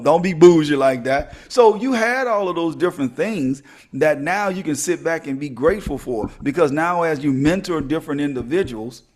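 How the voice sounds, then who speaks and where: Animated high-voiced man. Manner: animated, preachy, joking with listeners. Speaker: podcast host. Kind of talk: motivational podcast talk.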